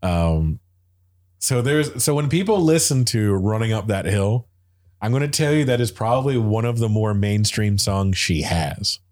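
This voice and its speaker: A man with a very deep, low voice chats casually about music. He rambles with enthusiasm, full of fillers and restarts. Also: lively intonation, a little slow, darkish tone.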